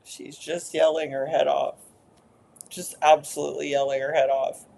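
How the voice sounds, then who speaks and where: A woman therapist narrating an inner therapy session in a soft, hesitant way, with many fillers. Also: low-pitched, flat delivery, moderate pace, vocal fry, a little hiss or hum.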